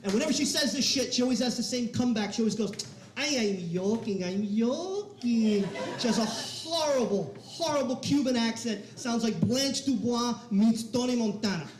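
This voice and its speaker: A man with a very high voice works a stand-up set, brash, punchy and profane. His voice rings through an echoey comedy club room. The delivery is quick and confrontational. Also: background noise. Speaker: stand-up comic.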